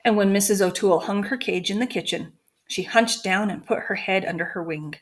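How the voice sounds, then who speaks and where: A woman teacher reading a children's chapter book aloud to her students, clear and expressive. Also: mid-range voice, fairly quick. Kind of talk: storybook read-aloud.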